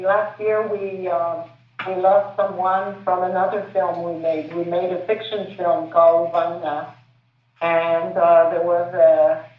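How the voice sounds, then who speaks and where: A woman filmmaker answering in a panel Q&A, hesitant and searching for her words with many fillers. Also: lowish voice. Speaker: filmmaker answering audience questions. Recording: distant, echoey, phone-like sound.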